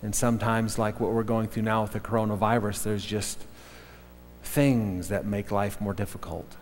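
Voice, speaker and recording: Earnest pastor telling a story. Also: male voice, lowish voice, fairly even intonation, normal speed, a little mellow, faint music behind. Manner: earnest storytelling with frequent restarts. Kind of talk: sermon storytelling. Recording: long reverb of a hall.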